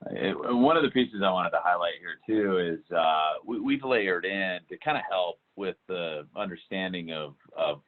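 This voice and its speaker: A man walking through a software demo in a webinar, talking with many fillers and restarts. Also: deep voice, expressive, moderate pace, hardly any pauses. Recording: tinny phone-like call audio.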